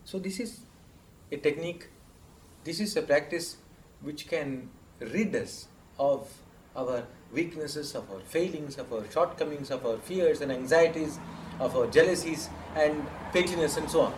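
A man teaching meditation to an audience in a measured storytelling manner, checking in with listeners as he goes. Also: fairly high pitch, background noise. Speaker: spiritual teacher. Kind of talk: meditation talk. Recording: roomy echo.

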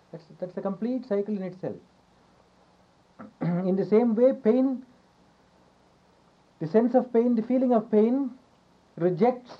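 A man giving a yoga philosophy lecture, repeating his phrases, asking rhetorical questions and chuckling softly now and then. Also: high-pitched. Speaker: yoga teacher. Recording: dull lo-fi recording.

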